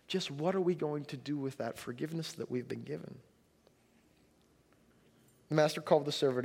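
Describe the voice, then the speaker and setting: A man's voice: mid-range voice, normal speed, creaky, pauses often, a little mellow, slightly rough, in a large hall. A man preaching a sermon in a conversational way, retelling a scripture story and pushing hard on its key lines. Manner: conversational preaching, rising emphasis on quotes. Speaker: pastor.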